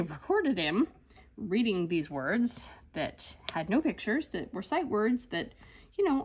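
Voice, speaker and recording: A woman in her thirties chatting casually in a rambling, animated way while she crafts, with lots of fillers. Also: mid-range voice, slightly rough. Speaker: crafting channel host.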